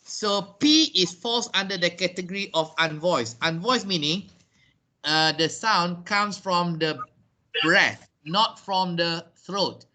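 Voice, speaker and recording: Taking his time, this teacher speaks in a high, sharp-toned voice. He's a Malaysian-accented man leading an English class by video call, patiently responding to questions and breaking down explanations step by step.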